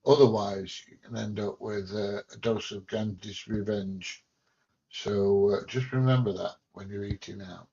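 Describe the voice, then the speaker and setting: A man's voice: on the low side, fairly even intonation, unhurried, creaky, warm tone. Blunt English man, dull lo-fi stream. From England. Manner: blunt, joking, mildly sweary. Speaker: livestream host. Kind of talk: casual chat reading viewer comments. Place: at home.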